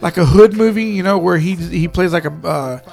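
A man's voice: high-pitched, fairly quick, gravelly, darkish tone, faint music behind. A man co-hosting a podcast in casual chat, rambling with lots of fillers and restarts. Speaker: podcast co-host.

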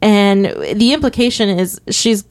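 A woman's voice: mid-range voice, unhurried, dry recording. A woman talks through a movie scene by scene in an easy, chatty way, and she slips into the characters' voices as she goes. The sound is close and dry, with no room heard around her. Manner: animated, retells scenes with quoted voices. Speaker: podcast co-host. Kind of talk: casual movie discussion.

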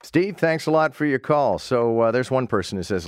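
A man's voice: medium pitch, animated, a little fast, few pauses, no room sound. Man hosting morning talk radio, dry. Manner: conversational, wry asides. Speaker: radio talk show host. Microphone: studio microphone.

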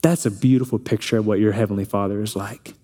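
A man's voice: fairly low pitch, fairly even intonation, fast, dark tone. A man pastor preaching a sermon, retelling a film scene and acting out the family's lines.

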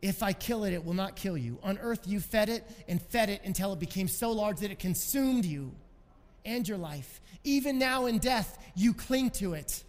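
Brief: a preacher doing a gentle, measured savior figure, high voice, long hall echo. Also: male voice, expressive. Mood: tender firm. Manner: tender, measured. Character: tender, calm divine male figure.

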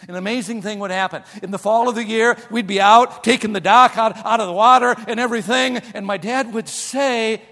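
A man preaching a sermon in a large church hall, telling folksy stories that swing from soft asides to shouted emphasis. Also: high-pitched, brisk, few pauses. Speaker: pastor.

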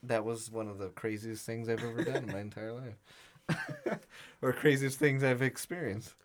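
A young man co-hosting a podcast tells stories in a casual chat, animated and laughing often as he acts out the quotes. His pitch is medium and his pace moderate, with slight background noise behind him.

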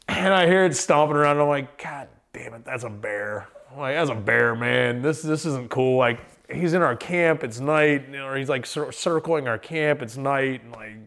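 Rambling casual male storyteller. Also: mid-range voice. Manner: rambling, filler-heavy, animated storyteller. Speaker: interview guest, hiker.

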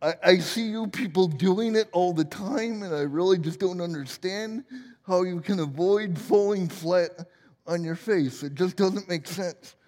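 A man's voice: sits high, a little slow, darkish tone, in a large hall. A man in his forties preaching a sermon as pastor, playful and joking at his own expense. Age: 40s. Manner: playful, self-deprecating humor.

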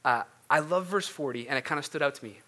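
Speaking fast in a fairly high, bright, forceful voice, a man gives an earnest, conversational sermon as a pastor before moving into prayer. His delivery is loose, full of fillers and restarts.

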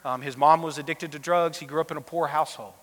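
A man preaches to his congregation in a relaxed, storytelling way, his voice sitting a little high for a man. In the most tender moments he drops to a soft, almost whispered hush. The recording carries the long reverb of a church auditorium. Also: fast. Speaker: pastor. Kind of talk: sermon.

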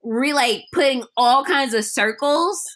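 High pitched woman cohost, animated, jumps in w quick recap bits. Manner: animated, acts out characters' lines in quotes. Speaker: podcast co-host. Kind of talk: casual chat recapping a film.

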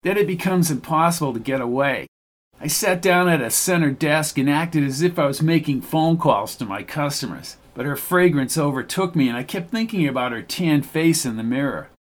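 Casual first-person audiobook, wry, man with a slightly high voice. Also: animated, normal speed. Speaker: audiobook narrator.

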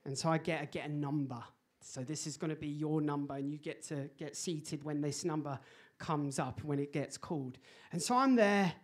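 A man preaching a sermon, telling a personal story in an animated, laughing way. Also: a little high, normal speed. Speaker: pastor.

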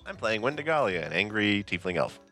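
A man's voice: lowish voice, sing-song, fairly quick, over loud music. A man talking casually as the game master of a tabletop game, laughing often and rambling.

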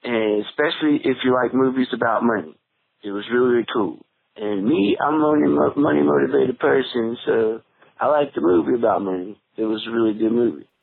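A man's voice: medium pitch, a little fast, creaky, dry recording. A man giving a casual, laid-back movie review, repeating himself and plugging his own handle. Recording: tinny phone-line recording, faint music.

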